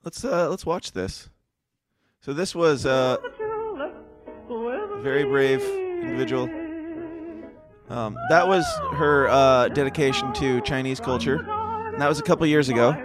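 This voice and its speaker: A man's voice: mid-range voice, moderate pace, loud music behind the voice. A man co-hosting a casual news podcast, rambling and hesitant, laughing often. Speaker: podcast co-host. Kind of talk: casual news commentary chat.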